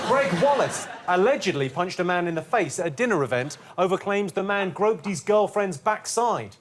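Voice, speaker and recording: A man hosting a comedy quiz, delivering scripted deadpan one-liners in a TV studio. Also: high-pitched, moderate pace. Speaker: quiz host. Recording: TV studio with audience laughter. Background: studio audience laughing.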